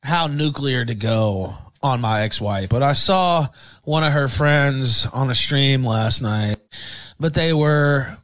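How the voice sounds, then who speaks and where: Angry male streamer, profane rant, bright tense voice. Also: medium pitch, slow pace, rough recording. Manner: ranting, furious and profane. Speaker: streamer in played clips.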